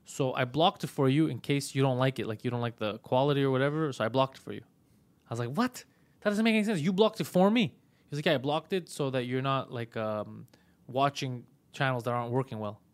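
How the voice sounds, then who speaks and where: Hosting a comedy podcast, a man tells a story in casual chat, swearing a lot and acting out both sides of a phone argument in an animated, profane way. His voice is medium-pitched, smooth and quick.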